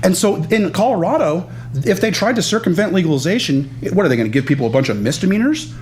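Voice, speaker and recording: A man's voice: high voice, animated, fast, a little mellow. A man in a panel discussion, arguing his point and pressing the others. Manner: argumentative, pressing. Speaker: panel participant. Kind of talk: debate.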